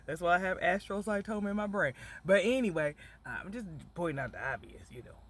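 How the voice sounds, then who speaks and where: High, lively man rambling in a car. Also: fairly quick. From Battle Creek, Michigan. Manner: punning, joking, keeps asking "you hear me?", bursts of laughter. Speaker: vlogger. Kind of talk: rambling casual monologue.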